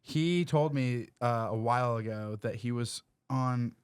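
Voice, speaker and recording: A man's voice: medium pitch, measured pace, smooth, no echo. A man hosting a comedy podcast, telling a story with acted quotes and laughing often in casual banter. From United States.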